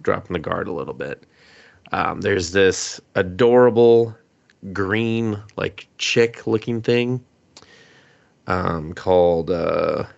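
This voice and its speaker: A man's voice: fairly low pitch, creaky, no echo, dull audio. A man casually recapping an anime on a podcast, laughing often and swearing freely. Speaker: podcast co-host.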